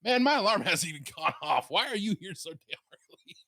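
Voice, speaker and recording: A man casually telling a story on his show, rambling and animated, swearing freely. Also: sits high, brisk, dry recording. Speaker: streamer and podcast host.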